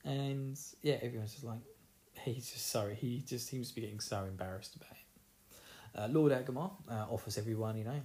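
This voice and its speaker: A man's voice: medium pitch, normal speed, mellow. A man with an Essex accent recapping a fantasy novel in casual chat, joking, laughing and acting out characters' lines. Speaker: book recapper.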